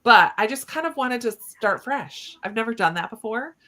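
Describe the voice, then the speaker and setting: A woman's voice: fairly high pitch, lively intonation, moderate pace, a bit bright. A middle-aged woman hosting a casual live reading stream from home, chatting in a rambling way with many fillers.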